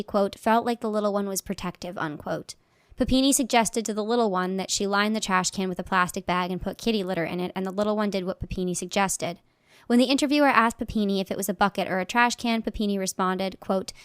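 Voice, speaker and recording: Woman reader of legal documents, dry close mic, steady deliberate pace, mid-range voice. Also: medium pitch, clear, resonant tone, no echo. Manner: measured, plain delivery, marking each quotation aloud. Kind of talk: reading a legal document aloud.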